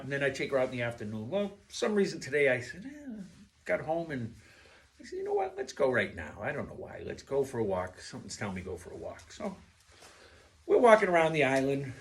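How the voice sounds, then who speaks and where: A man talking straight to his viewers in a rambling casual monologue, blunt and profane, who keeps drifting off topic. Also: on the high side. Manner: digressive and profane, loses his thread; blunt and animated. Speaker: vlogger.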